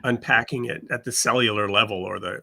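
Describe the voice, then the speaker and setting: Male interview host, bright tense tone, enthusiastic and musing. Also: lowish voice, steady tone, a little fast, gravelly.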